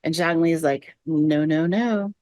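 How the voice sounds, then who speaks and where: Podcast host, woman, lower voice, dry close mic, chatty lore recaps. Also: measured pace, a little mellow, no echo. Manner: retells game quests with quoted lines. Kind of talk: casual podcast chat.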